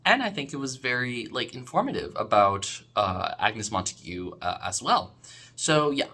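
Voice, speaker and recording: A man's voice: mid-range voice, very animated, normal speed, bright, forceful tone, husky. A man casually reviewing episodes of a podcast, enthusiastic and rambling, full of fillers and restarts.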